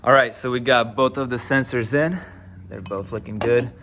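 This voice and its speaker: A man's voice: medium pitch, fairly even intonation, normal speed. A man casually narrating his car rebuild as he works, keen and explaining each step in a garage. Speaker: car build vlogger. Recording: background music playing.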